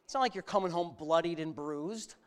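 Delivering a lively sermon a little fast, this middle-aged pastor has a strikingly high, smooth voice. Sarcastic side remarks give way to climbing, almost shouted calls to his listeners.

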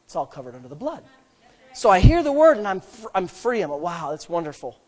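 A middle-aged man, a pastor preaching a sermon that swells from plain storytelling into loud, emphatic declarations. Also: high-pitched, big pitch swings, a little fast.

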